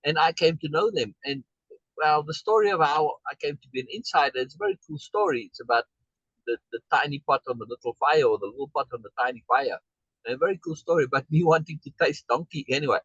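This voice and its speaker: A man's voice: fairly high pitch, a bit bright, slightly rough, no echo, highs cut off. A man telling a rambling personal story in a casual online meeting, with many asides and "right?" checks. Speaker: discussion group member. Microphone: video call.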